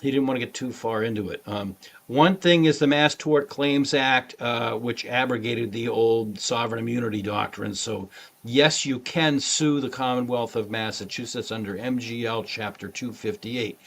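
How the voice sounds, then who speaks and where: A man's voice: medium pitch, fairly bright tone. A man co-hosting a legal talk show, explaining law in a casual way with many fillers. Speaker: lawyer co-host.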